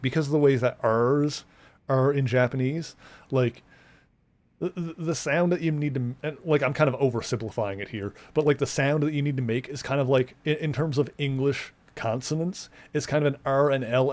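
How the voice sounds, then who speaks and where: A man streaming a video game, chatting casually and explaining things at length with lots of fillers and restarts. He sounds relaxed and conversational, talking as he plays. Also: medium pitch, normal speed. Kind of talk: casual let's-play commentary.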